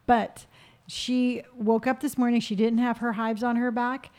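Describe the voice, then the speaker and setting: A middle-aged American mother chatting with her family, teasing and animated. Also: on the high side, measured pace. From United States. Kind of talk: casual family chat.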